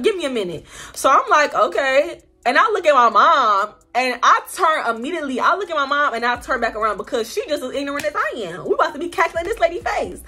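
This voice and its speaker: A young woman telling a storytime vlog in an animated, slangy way, acting out the people in her story. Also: high-pitched. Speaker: vlogger.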